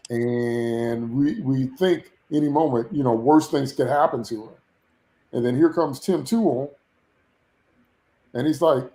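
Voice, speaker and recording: A man's voice: medium pitch, mellow. A man on a podcast, venting in a casual, opinionated way, with exasperated rants and frequent laughter. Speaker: podcast co-host reviewing a TV episode. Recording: roomy echo.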